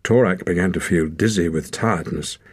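A man reading a story aloud as audiobook narrator, in measured, even scripted narration. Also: low voice, slightly rough, no room sound, clean studio sound.

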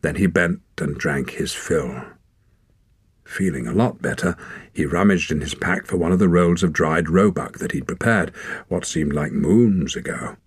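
This is scripted narration from an audiobook reader with a deep, husky male voice. The recording is dry, with clean studio sound.

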